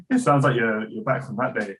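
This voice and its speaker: A man's voice: medium pitch, expressive, moderate pace, a crowd in the background, rough recording. Hesitant English man, casual chat. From England. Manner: hesitant, self-deprecating.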